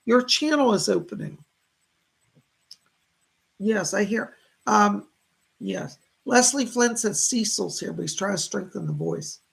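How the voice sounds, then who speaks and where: Gravelly, husky psychic man. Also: high-pitched, unhurried, pauses often. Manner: excited greetings, relays spirit messages. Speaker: psychic medium host. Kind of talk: live-stream psychic readings. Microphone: streaming from a computer.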